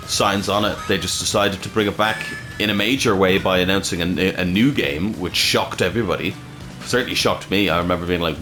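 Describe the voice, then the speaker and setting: With a low, slightly bright voice, a man hosts a let's play, offering casual gameplay commentary as he plays. He rambles, swears freely and corrects himself as he goes.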